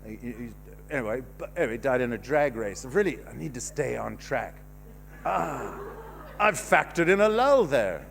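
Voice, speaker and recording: A man's voice: mid-range voice, very animated, normal speed, vocal fry, a bit bright, slight background noise. A Canadian man in his fifties doing a stand-up set, rambling and self-mocking, swearing freely and letting thoughts trail off. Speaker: stand-up comedian. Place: comedy club stage.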